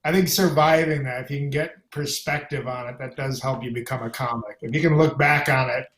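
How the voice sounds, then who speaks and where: A man, a guest stand-up comic, chatting casually with dry, deadpan quips. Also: mid-range voice, brisk. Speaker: guest comedian. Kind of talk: casual chat. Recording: echoey room with faint noise.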